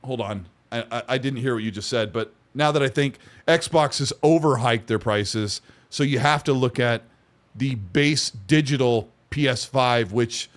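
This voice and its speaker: A man hosting a gaming podcast, chatting casually, teasing his co-host and reading from the chat. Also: mid-range voice. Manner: teasing, reads chat aloud.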